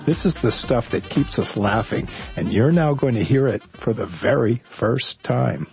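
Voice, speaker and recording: Man, scripted radio intro, measured delivery, lively pitch, faint music, dull sound. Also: gravelly.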